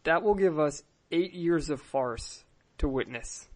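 A man's voice: fairly high pitch, animated, unhurried. A man hosting a comedic podcast, talking in a sarcastic, rambling way. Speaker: podcast host. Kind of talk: casual comedic podcast chat.

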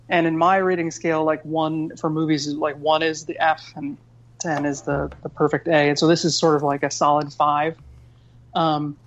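A man's voice: on the high side, lo-fi sound. A man co-hosting a podcast, reviewing a film in a rambling, conversational way. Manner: rambling, conversational, frequent fillers.

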